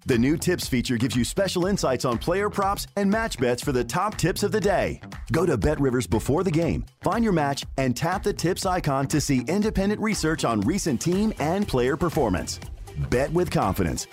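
A man's voice: fairly high pitch, sing-song, normal speed. Upbeat man reading an ad over music. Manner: upbeat sales delivery. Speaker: ad announcer. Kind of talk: scripted ad read. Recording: ad with music underneath.

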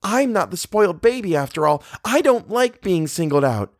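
Nervous young woman, pleading and high-strung, man doing her. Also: sing-song, a little slow, darkish tone, husky, dry recording, clean studio sound. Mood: outraged. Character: anxious, frightened young woman.

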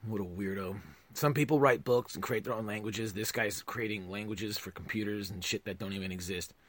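A man hosting a podcast, delivering a profane comedic rant that swings between loud outbursts and low mutters. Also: fairly quick.

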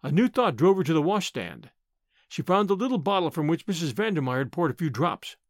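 Expressive male audiobook narrator. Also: fairly high pitch, fairly quick, no room sound, studio quality. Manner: expressive, clear storytelling.

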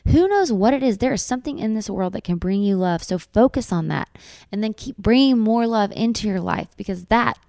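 A woman's voice: mid-range voice, expressive, a little fast, gravelly, darkish tone, no echo, studio quality. A young woman and new mother talking earnestly to her viewers in a personal vlog, repeating lines for emphasis. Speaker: vlogger mom. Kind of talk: heartfelt personal vlog talk.

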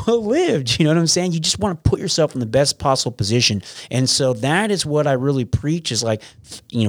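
A man in his forties talks through his story as an interview guest, rambling and restarting his sentences, with the odd curse word. His voice sits at an ordinary pitch, and the sound is dry and close with no room around it. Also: no echo. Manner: rambling, with frequent restarts and profanity. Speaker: podcast guest. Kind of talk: casual conversational interview.

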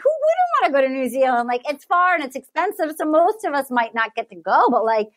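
A woman co-hosting a podcast, casually recapping a dating show in an animated, rambling way with lots of swearing and filler words. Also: high-pitched, fast. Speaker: podcast co-host.

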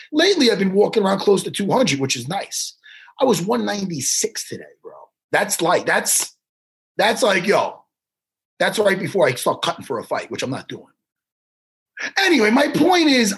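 Man, podcast co-host, very husky raspy voice, lively swooping pitch, rambling, teasing, swears. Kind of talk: casual podcast chat.

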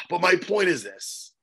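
A man co-hosting a podcast over a video call, talking animatedly and teasing, with loud bursts now and then. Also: sits high, big pitch swings, takes it slowly, gravelly, breathy edge. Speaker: podcast co-host. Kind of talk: casual chat.

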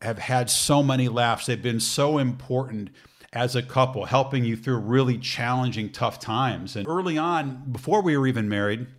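Animated middle-aged man telling stories. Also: mid-range voice, normal speed. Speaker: sports broadcaster guest. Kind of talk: casual chat, storytelling.

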